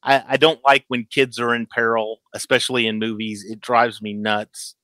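A man in his thirties hosting a casual chat, animated, stumbling over restarts and acting out quotes. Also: medium pitch, normal speed, no echo, rough recording. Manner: animated, stammers, acts out quotes. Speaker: podcast host. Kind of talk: casual chat about a TV episode.

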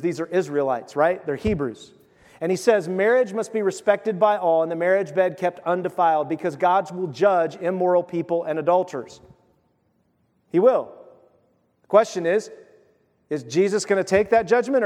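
A man's voice: sits high, darkish tone, in a large hall. A man preaching a sermon, retelling scripture in a casual, conversational way with voiced asides. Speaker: pastor.

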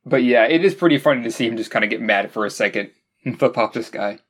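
A man co-hosting a podcast who talks over a movie in a measured, hesitant way, often restarting his sentences. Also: medium pitch, animated, breathy edge. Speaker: podcast co-host. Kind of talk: casual movie review chat.

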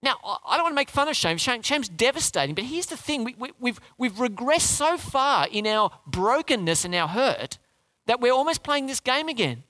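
Lively preacher, bright tone. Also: male voice, very high-pitched, normal speed, no room sound. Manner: lively, conversational, asks the crowd questions, restarts. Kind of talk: sermon.

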